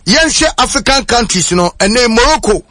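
A man presenting a radio sports segment in a steady, informative way. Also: very high voice, normal speed, no room sound.

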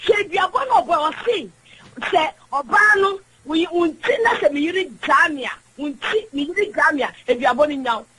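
A woman's voice: extremely high pitch, animated, normal speed, a bit bright, a little hiss or hum, poor audio. A woman calling in to a radio show, talking emphatically and in a preachy way while mixing languages. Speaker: radio caller. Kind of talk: call-in opinion talk.

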